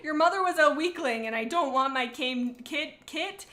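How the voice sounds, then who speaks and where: A woman's voice: high-pitched, moderate pace, sharp tone, pitched above the performer's own voice. A woman reading aloud as a cold, scornful male warrior cat, with curt, contemptuous lines.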